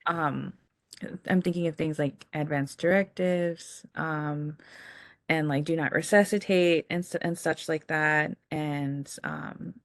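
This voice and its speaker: On a video panel, a young woman reflects on a personal experience, speaking softly and haltingly with frequent pauses and fillers. Her low voice has a gravelly edge, and the recording is close and dry.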